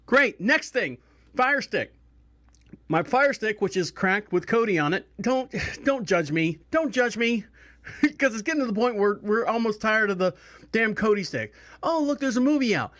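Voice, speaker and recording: A man's voice: high-pitched, a little slow. A man hosting a podcast, telling a rambling story casually and acting out the people he quotes. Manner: rambling, animated, acts out quoted voices. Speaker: podcast host.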